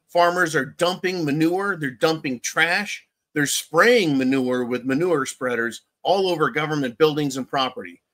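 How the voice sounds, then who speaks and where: A man rants through his own commentary show with a slightly high voice. He swears constantly, circles back over the same points and throws in sarcastic jabs. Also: fairly bright tone. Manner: angry, heavily profane, repetitive; sarcastic asides. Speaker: channel host. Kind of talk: ranting political commentary.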